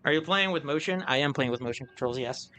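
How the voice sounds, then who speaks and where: Bright-voiced man streaming and thinking aloud. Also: mid-range voice, fast talker, a little hiss or hum. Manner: chatty, thinking aloud, self-amused. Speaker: game streamer. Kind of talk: casual live-stream commentary.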